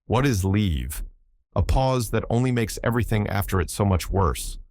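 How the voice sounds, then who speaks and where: A man reading a novel aloud in first person as an audiobook narrator, in a measured, somber manner. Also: lowish voice, lively intonation, darkish tone, slight background noise.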